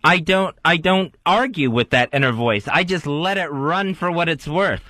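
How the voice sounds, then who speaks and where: A man co-hosting a talk radio show, speaking in a quiet, earnest, self-deprecating way. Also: on the high side, normal speed, no echo. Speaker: radio co-host. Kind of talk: casual radio chat.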